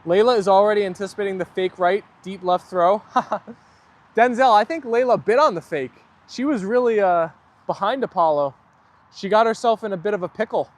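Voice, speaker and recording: Male live-stream host, high voice, casual and chatty; reads viewer comments aloud and answers them. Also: moderate pace.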